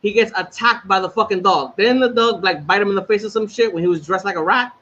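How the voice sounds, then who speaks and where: A man co-hosting a casual chat, telling stories in a profane, animated way. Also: high-pitched, fast talker. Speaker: podcast co-host. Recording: slightly dull sound with faint noise.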